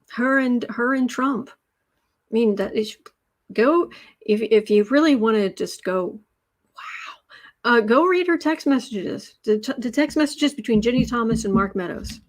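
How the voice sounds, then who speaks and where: A woman's voice: on the high side, unhurried. Chatty, sarcastic American woman streamer. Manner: chatty, sarcastic, mocking asides. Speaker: tarot reader livestream host. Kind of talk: casual livestream chat reading viewer comments.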